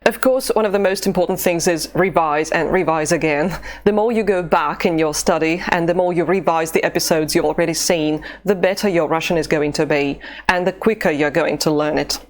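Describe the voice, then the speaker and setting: A woman teaching an online language lesson, pronouncing drill phrases slowly and deliberately. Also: sits low, soft background music. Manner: slow, deliberate drill pronunciation.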